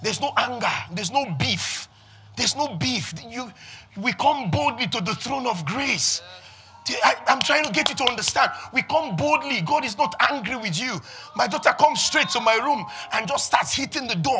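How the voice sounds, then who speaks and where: Man, pastor, high voice, bright tone, preaching sermon, quiet to shouting, faint music behind. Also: animated, normal speed. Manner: preaching with call-and-response, swinging from quiet to shouting. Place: church with congregation.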